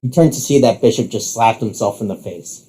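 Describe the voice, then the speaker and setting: A man narrating a second-person story in a steady, descriptive way. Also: on the low side, fairly quick.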